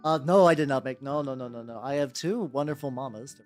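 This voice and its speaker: A man streaming while he paints miniatures, chatting casually with viewers in an animated, rambling way and repeating his greetings. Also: medium pitch, a little fast. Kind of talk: casual livestream chat. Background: faint background music.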